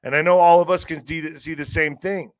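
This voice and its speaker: A man's voice: fairly high pitch, steady tone, fairly quick, clean tone, no echo. A middle-aged man hosting a show, talking to his audience in a rambling, conversational way. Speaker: podcast host. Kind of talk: casual monologue.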